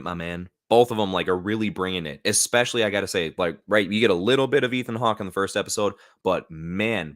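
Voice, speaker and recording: Hosting a laid-back live stream, a man from the United States rambles loosely, packing his talk with fillers. His voice is deep with a fairly bright tone, and the new studio mic gives clean studio sound with no room sound.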